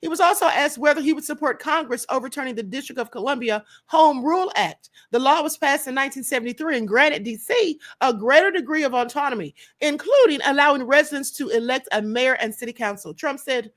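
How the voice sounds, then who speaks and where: A woman's voice: high voice, expressive, brisk, hardly any pauses, fairly bright tone. A woman hosting a live stream, commenting on the news in a sassy, laughing way and calling her viewers honey.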